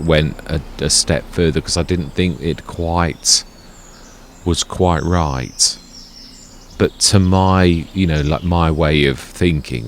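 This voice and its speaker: Man, deep gravelly voice, rambling let's play host, faint game ambience behind. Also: a little hiss or hum. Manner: chatty, rambling, self-correcting. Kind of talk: casual gameplay commentary.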